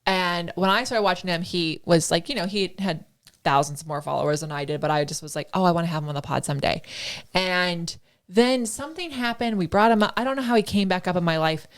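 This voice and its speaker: A woman hosting a casual podcast chat, an excitable storyteller who gushes and acts out her own reactions. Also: lowish voice, a little fast. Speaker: podcast host.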